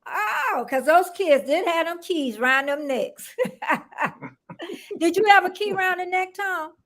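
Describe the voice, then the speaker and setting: An older woman from Florida hosts a casual livestream in a high, bright voice. She chats easily, laughs a lot and calls out viewers by name. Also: expressive, slow. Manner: chatty, laughs often, greets viewers by name. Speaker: livestream host.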